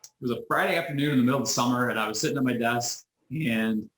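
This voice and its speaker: A man being interviewed over a video call, telling a story in a lively way, acting out the people he quotes and often restarting his sentences. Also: medium pitch, fast talker. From United States. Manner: animated storyteller who acts out quoted voices, frequent restarts. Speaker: interview guest, business owner. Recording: roomy echo.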